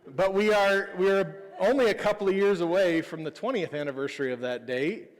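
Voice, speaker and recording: Man, 30s, pastor, chatty personal sermon, self-deprecating humor, a bit high-pitched, long church reverb. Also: a little fast. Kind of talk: conversational sermon.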